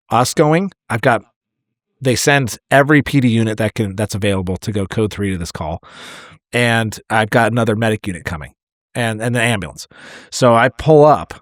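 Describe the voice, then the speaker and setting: A man's voice: fairly low pitch, dry recording, clean studio sound. A man, a firefighter and podcast co-host, telling a hard call story in candid casual chat and swearing freely as it gets emotional.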